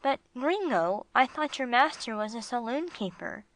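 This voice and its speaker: A woman's voice: on the high side, lively intonation, normal speed, pitched above the performer's own voice, low-quality recording. A woman doing a polite, curious young dog. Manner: careful, polite questions.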